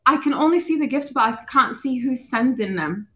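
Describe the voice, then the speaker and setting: A woman's voice: high-pitched, lively intonation, moderate pace. A young woman chatting on a livestream, nervous and thankful. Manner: nervous, thankful, warm-hearted. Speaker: livestream battle opponent. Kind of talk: excited livestream chat.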